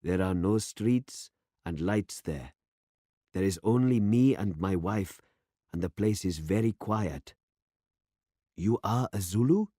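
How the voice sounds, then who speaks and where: A man's voice: lowish voice, lively intonation, dark tone, dry recording, studio quality. A man reading a solemn old country pastor. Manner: slow, solemn and formal. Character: grave elderly village pastor, stern then tender.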